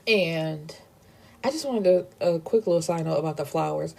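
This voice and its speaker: A woman with a lowish, warm voice recaps a novel for her viewers. She talks casually and animatedly, swears freely, and slips into the characters' voices. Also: normal speed, gravelly. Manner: animated, profane, acts out character dialogue. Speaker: book reviewer.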